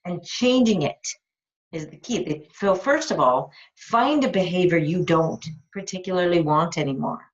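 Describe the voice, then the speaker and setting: A woman's voice: fairly low pitch, expressive, measured pace. A woman life coach on a live call, talking frankly and enthusiastically with casual swearing. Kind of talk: live coaching call, answering a listener's question. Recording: dull lo-fi recording.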